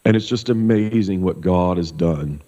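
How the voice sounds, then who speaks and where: Low-voiced pastor telling a story in a hall. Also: male voice, normal speed. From Kansas. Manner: animated, loose storyteller with many fillers. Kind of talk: casual storytelling testimony. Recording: dull sound with long hall reverb.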